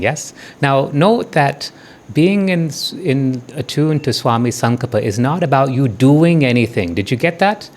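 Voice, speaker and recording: Gentle man guiding a devotional meditation. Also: medium pitch, slight background noise. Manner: gentle, often checks in with listeners with "okay?" and "yes?"; slow, soothing meditation guidance. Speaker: spiritual teacher. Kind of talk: devotional talk and guided meditation.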